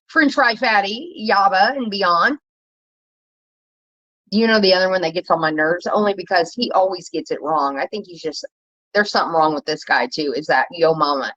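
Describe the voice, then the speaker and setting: Solo woman vlogger, blunt cussing rant, pitch jumps when heated, muffled lo-fi sound. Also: animated, moderate pace, a bit bright. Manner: blunt, profane, rambling, rising pitch when worked up. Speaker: commentary vlogger. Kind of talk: casual ranting commentary.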